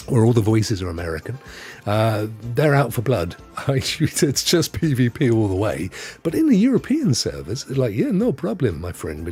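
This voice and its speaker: A man's voice: mid-range voice, warm tone, breathy edge. A man hosting a gaming show alone, chatting in a rambling, chuckling way to his live-stream audience. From United Kingdom. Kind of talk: solo live-stream chat. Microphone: headset.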